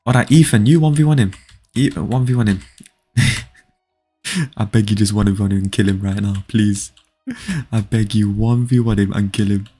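A young adult man livestreams a game, chatting with viewers and urging a friend to fight. His fairly low voice has a breathy edge, moving at normal speed with long pauses. He's excitable, pleading and laughing to chat over faint background music.

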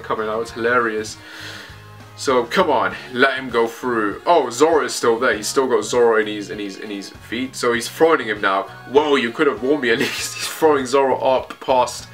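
A man casually reacting to a comic chapter, thinking aloud in a rambling, excitable way as he reads it. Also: medium pitch. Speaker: manga reaction host.

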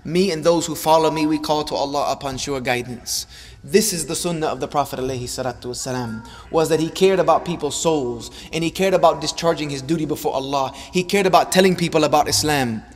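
An impassioned male preacher giving a sermon, his voice rising and falling as he repeats lines for emphasis. His voice sits a little high for a man. A long hall reverb trails behind every phrase. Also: a little fast. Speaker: Islamic preacher. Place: large hall or mosque.

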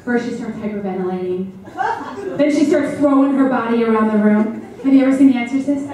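A woman's voice: a little high, a little fast, warm tone. A woman in her thirties doing a brash, profane comic monologue on stage, talking straight to the audience. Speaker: mother performing a one-woman comedy show. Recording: echoey room picked up from far off with background noise.

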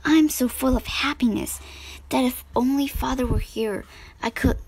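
A woman voicing a gentle, sweet young girl in a storybook reading. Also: high voice, normal speed, husky. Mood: happy.

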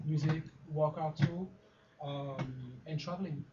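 A man with a heavy French accent, an actor guest answering interview questions in halting English. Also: a little high, steady tone, crowd noise. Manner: halting, searching for English words. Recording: dull lo-fi live stream audio.

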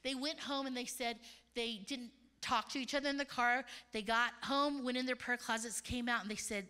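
High bright-voiced woman preaching. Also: moderate pace, clear, resonant tone. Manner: animated storyteller, acts out quoted voices. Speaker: conference speaker. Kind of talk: sermon with storytelling. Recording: large hall reverb.

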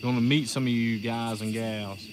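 A man's voice: medium pitch, fairly even intonation, normal speed, background noise. Easygoing man reading viewer comments. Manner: reads comments aloud, jokey, easygoing. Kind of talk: casual live chat. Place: outdoors at night in the woods.

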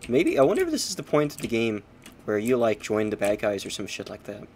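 A man's voice: lowish voice, wildly swooping pitch, fairly quick, a little mellow, slight background noise. A man streaming a game, chatting casually with swearing and self-mocking asides. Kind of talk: casual gameplay commentary.

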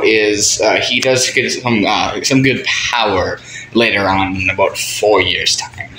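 A man's voice: medium pitch, bright, forceful tone, echoey room, slight background noise, rough recording. A man performing a homemade puppet drama, chatty and rambling, who often breaks the fourth wall. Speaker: puppeteer voicing all characters.

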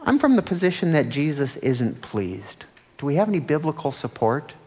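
Pastor, male, conversational sermon delivery with questions to the congregation, lively dynamics, long church reverb. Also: fairly high pitch, moderate pace, husky. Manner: conversational preaching with rhetorical questions; animated, swings between loud and hushed. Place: church sanctuary.

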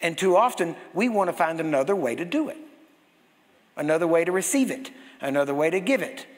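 A man preaching a sermon as pastor, telling stories in an animated way and acting out the voices of the people in them. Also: fairly high pitch, brisk. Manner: animated storytelling, acts out quoted voices. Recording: long hall reverb.

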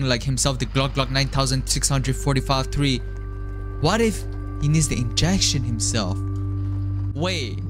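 A man giving jokey, excitable commentary while playing a horror game, often yelping and screaming. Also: a little high. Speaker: gaming YouTuber.

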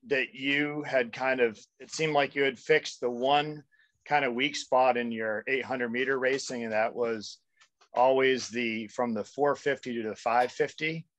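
A man, likely a coach, adding thoughtful, measured remarks to a casual interview. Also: mid-range voice, steady tone, a bit bright. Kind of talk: casual conversation.

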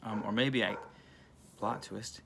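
Excitable rambling man on phone. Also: lowish voice, takes it slowly, gravelly, background noise. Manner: animated, rambling, excitable with many restarts. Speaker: channel host. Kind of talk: casual spiritual talk filmed on phone.

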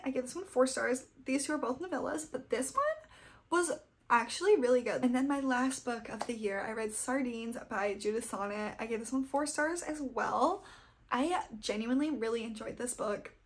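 A young adult woman chatting casually about books she read, gushing and fangirly. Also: high-pitched. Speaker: book vlogger. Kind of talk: casual book wrap-up chat.

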